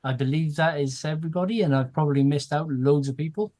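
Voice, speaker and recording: Man calmly reading out chat names. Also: fairly high pitch, fast talker. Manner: steady list-reading with asides. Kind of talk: casual livestream chat.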